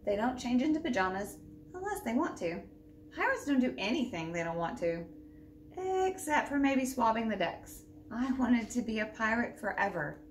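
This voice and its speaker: Expressive woman reading a children's story. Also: mid-range voice. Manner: lively, expressive storybook narration. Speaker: children's librarian. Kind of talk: children's storytime read-aloud. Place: library. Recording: roomy echo, distant mic, faint background hum.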